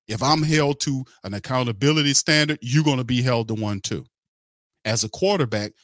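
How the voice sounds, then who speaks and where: Opinionated sports talk comes from a middle-aged podcast host whose heated, blunt rant is laced with curses and repeated points. His voice is mid-range and slightly bright, recorded without echo.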